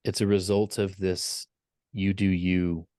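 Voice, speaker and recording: A man guesting on a podcast with a very deep voice, recorded dry and close. He speaks in a measured, matter-of-fact way. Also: little pitch movement, a little mellow, no room sound. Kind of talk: casual podcast conversation.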